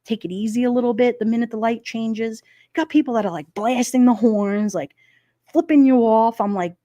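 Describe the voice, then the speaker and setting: A woman's voice: on the high side, fairly quick, dark tone, dry recording, studio quality. A woman hosting a livestream, rambling through casual anecdotes for her chat and laughing often. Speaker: livestream host. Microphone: streaming microphone.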